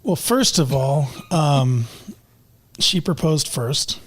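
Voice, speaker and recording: Man podcast guest, a touch high-pitched, dry teasing humor, casual chat. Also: animated, takes it slowly, slightly rough. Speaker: guest husband.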